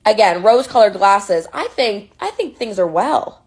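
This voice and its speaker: A woman's voice: medium pitch, lively intonation, moderate pace, a little mellow, breathy edge. A woman guest telling a funny story about herself in a breezy, self-mocking way. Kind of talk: storytelling on a podcast.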